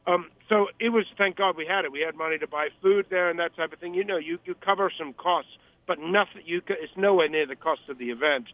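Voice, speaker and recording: A man with a high voice talks in a rambling, emphatic way, circling back and repeating himself. He comes through a tinny, dry phone line as a guest on a radio interview. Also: fast, no room sound. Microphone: telephone.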